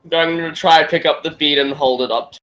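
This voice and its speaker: A man's voice: a little high, steady tone, a little fast, fairly bright tone, faint music behind, poor audio. A man playing a tabletop game, speaking eagerly. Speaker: player. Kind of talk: casual tabletop play.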